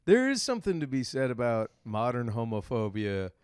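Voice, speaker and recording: A man's voice: medium pitch, big pitch swings, moderate pace, clean tone, no room sound, clean studio sound. A man co-hosting a comedy podcast in casual chat, rambling through crude jokes and laughing through his own lines. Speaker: podcast co-host.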